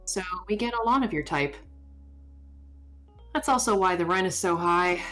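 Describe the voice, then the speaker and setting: A woman voicing a sardonic young female barista, reading game dialogue aloud in a dry, deadpan way. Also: lowish voice, normal speed, faint music behind.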